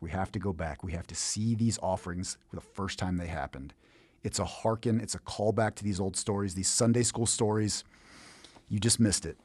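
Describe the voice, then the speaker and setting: A man's voice: lowish voice, a little mellow, no echo. A man hosting a casual Bible teaching show, talking in a playful, jokey way and asking his listeners rhetorical questions. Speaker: Bible teacher, podcast host.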